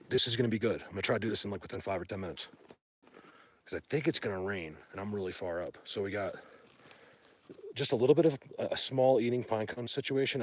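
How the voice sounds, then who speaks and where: A man livestreaming from a phone in a mountain wilderness, chatting to viewers in a rambling, excitable way as a bigfoot hunter. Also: fairly low pitch, husky. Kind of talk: casual live stream chat. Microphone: phone held by hand.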